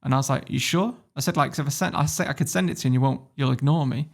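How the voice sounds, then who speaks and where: A man from Warrington with a northern English accent, telling stories as a podcast guest in a casual, animated way, swearing freely. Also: mid-range voice, very fast, vocal fry. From Warrington, England. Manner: animated storyteller, swears freely, laughs often. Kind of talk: casual interview storytelling.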